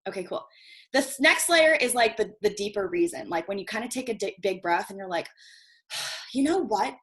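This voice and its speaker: A chatty woman teaches a marketing workshop over a video call, in a middling voice. She swears casually and keeps checking in with her listeners with a quick "okay?". Her tone is loose and unscripted, like a relaxed online class. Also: medium pitch. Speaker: guest marketing coach.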